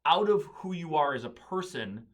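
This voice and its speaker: Higher-voiced man musing aloud. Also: expressive, normal speed. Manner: thinking aloud, searching for words and correcting himself. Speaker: host of a daily quote video. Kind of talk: casual spoken monologue.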